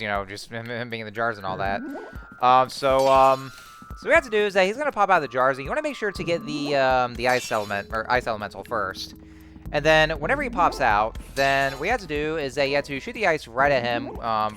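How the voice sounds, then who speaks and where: Bright-voiced young man rambling over gameplay. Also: mid-range voice. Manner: rambling, many fillers and restarts, excitable outbursts. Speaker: let's play host. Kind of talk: casual gameplay commentary.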